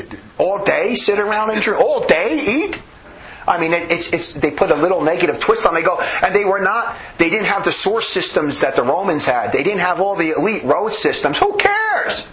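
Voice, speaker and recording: A fired-up man preaching a sermon, his voice swinging high and low as he presses each point. He talks in emphatic, rambling bursts full of restarts. The recording sounds dull and lo-fi. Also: fairly bright tone, a little hiss or hum. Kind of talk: impassioned sermon.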